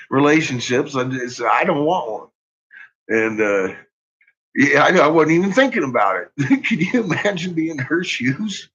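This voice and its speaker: In a dull lo-fi recording, a middle-aged man with a mid-range, fairly bright voice chats casually about his son. He laughs constantly and swears freely while telling the stories.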